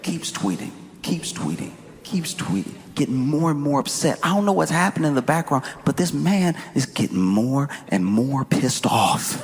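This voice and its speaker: A man performing stand-up comedy, animated and incredulous, with big jumps in his voice. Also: on the high side, moderate pace, few pauses. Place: comedy venue. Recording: live hall with audience noise.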